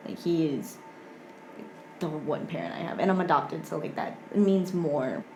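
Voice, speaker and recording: Young woman guest, twenties, gravelly low-key chat, echoey room. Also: expressive, unhurried, a little hiss or hum. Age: 20s. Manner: soft-spoken, heavy use of "like". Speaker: podcast guest. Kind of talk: casual chat.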